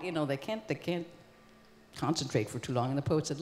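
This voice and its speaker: A woman's voice: sits low, expressive, a little fast, darkish tone. A woman in her sixties, a performance artist, telling an old story live on stage in a casual, conversational way with lots of "you know" and "like.". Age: 60s. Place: concert hall stage. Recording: long concert-hall reverb.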